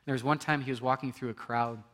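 Bright-voiced man preaching a sermon. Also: mid-range voice, steady tone, fast. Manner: earnest, rising to emphatic, with frequent restarts. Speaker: pastor.

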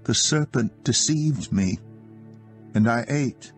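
A man's voice: mid-range voice, lively intonation, slow pace, faint music behind, voice pushed up. A British man reading the lines of the first woman in a scripture recording, earnest and explaining. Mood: ashamed.

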